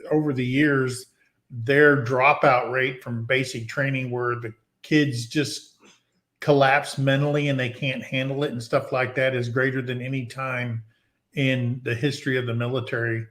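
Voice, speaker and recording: A man's voice: mid-range voice, level tone, a little slow, fairly bright tone. A man in his sixties hosting a casual chat and telling a folksy story, acting out the dialogue.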